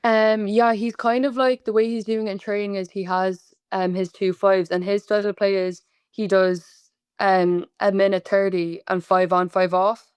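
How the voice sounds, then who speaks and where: A woman's voice: mid-range voice, level tone, normal speed, clear, resonant tone, no echo. A young woman in her twenties with a Cork Irish accent, chatting casually as a podcast guest, with lots of filler words. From Ireland. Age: 20s. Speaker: guest, college basketball player. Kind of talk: casual interview chat.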